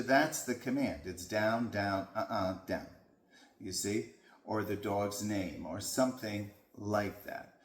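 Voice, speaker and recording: Slow, calm male dog trainer. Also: on the low side. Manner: calm, patient explaining. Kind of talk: instructional talk. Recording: echoey room.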